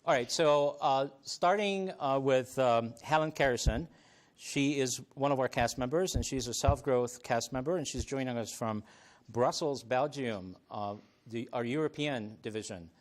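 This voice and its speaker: Brief: male talk show host, mid-pitched, affable, laughs easily, lots of filler words, live TV studio panel. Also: moderate pace. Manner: friendly, chuckles often, many ums and restarts.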